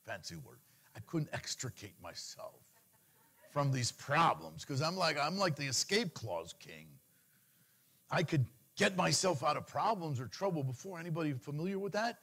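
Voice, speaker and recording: A middle-aged man preaching with a lively, swinging voice that climbs and drops. He pitches a little higher than most men and breaks into pleading cries when he acts out a worried believer. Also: normal speed. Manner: animated preaching, mimics anxious pleas in a higher voice. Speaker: pastor. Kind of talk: sermon.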